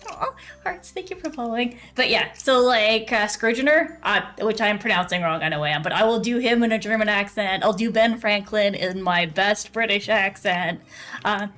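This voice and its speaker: A woman's voice: medium pitch, moderate pace, fairly bright tone. A woman game streamer chatting casually with her viewers and teammate while she plays, bubbly and full of fillers and frequent laughter. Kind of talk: casual live-stream chat while gaming.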